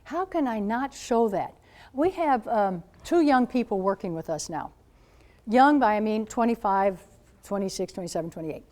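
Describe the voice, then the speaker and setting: A woman in her seventies, a Catholic nun speaking to high school students as a guest speaker, telling stories in an animated way and acting out what people said. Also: moderate pace. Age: 70s. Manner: animated storyteller, acts out quoted voices. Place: school gathering room.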